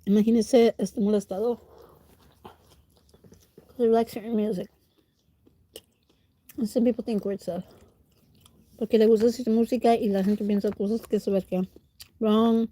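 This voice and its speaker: A woman's voice: fairly high pitch, little pitch movement, moderate pace, long pauses, dark tone. A woman livestreamer with a stuffy nose, chatting casually with viewers while she eats and answering their comments. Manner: chats while eating, talking with food in her mouth.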